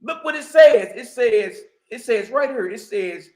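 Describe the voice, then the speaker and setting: A man's voice: very high-pitched, expressive, measured pace, few pauses, echoey room, poor audio. A man teaching spirituality in an emphatic preaching style, full of slang and asides to his listeners. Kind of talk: preaching commentary.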